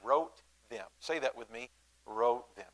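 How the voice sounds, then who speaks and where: A male pastor, speaking to his congregation in a folksy, halting way, with many fillers and restarts and calls for the room to answer back. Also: medium pitch, rough recording. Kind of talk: church announcements and sermon to a congregation. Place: church sanctuary.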